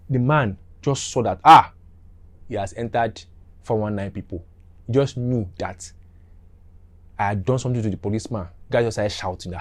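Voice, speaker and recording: A middle-aged man telling a story casually, animated and repetitive, acting out the scenes. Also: fairly low pitch, normal speed, long pauses.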